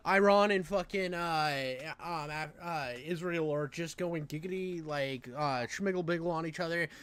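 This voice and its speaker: A man from the United States ranting as co-host on a commentary show, loud and profane, rambling with many restarts. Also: fairly high pitch, unhurried, clear, resonant tone.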